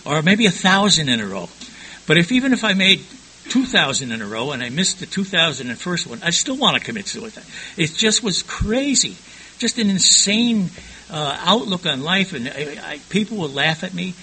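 A man's voice: on the high side, very animated, normal speed, pushed and bright, slight background noise, rough recording. An older man frankly recounting his past in a rambling personal testimony, often stumbling and repeating words.

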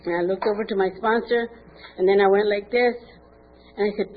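A woman's voice: medium pitch, steady tone, fairly quick. An older woman telling her recovery story candidly at a meeting, acting out quoted dialogue. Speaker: speaker sharing at a recovery meeting. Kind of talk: personal testimony. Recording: tinny phone-like recording with faint noise.

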